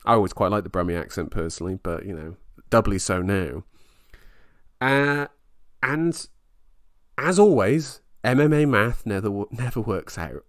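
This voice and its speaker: Excitable low-voiced man chatting fights. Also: moderate pace, no echo, studio quality. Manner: excitable, rambling, animated retelling. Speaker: podcast co-host. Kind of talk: casual sports chat.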